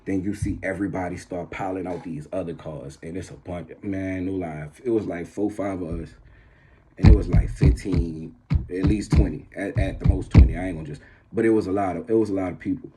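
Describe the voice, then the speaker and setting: A man's voice: fairly even intonation, brisk, background noise. A man casually telling a story to his viewers, slangy and rambling, with many restarts. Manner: gets loud and high when the story turns tense.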